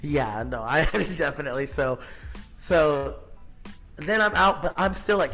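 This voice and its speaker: A man's voice: on the high side, a little slow, a bit bright, soft background music. A man in his thirties, a podcast guest telling his story in a blunt, profane, casual way, full of filler words. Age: 30s.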